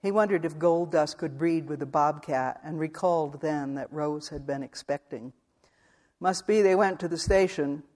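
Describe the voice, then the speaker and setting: A man reading a literary western novel aloud as an audiobook narrator, measured and even. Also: on the high side.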